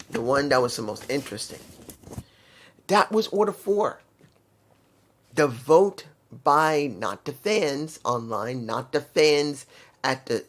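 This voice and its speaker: A man casually reviewing a wrestling show, rambling and circling back to correct himself. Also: mid-range voice.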